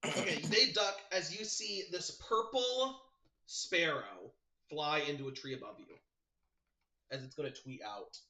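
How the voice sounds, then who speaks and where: Bright-voiced male game master. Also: on the high side, roomy sound. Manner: quick, lively narration with voiced side characters. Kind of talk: narrating a tabletop game.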